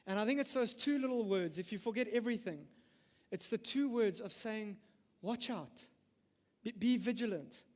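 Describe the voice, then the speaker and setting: A man's voice: high voice, normal speed. A middle-aged man preaching a sermon, emphatic, with frequent stammered restarts. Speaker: pastor. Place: church hall. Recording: long reverb of a church hall.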